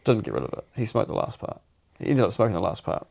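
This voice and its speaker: A young New Zealand man co-hosting a podcast tells a personal story in slangy, sweary, casual chat, frequently restarting his sentences. He speaks fast in a fairly low voice with big pitch swings, vocal fry and a slightly mellow quality.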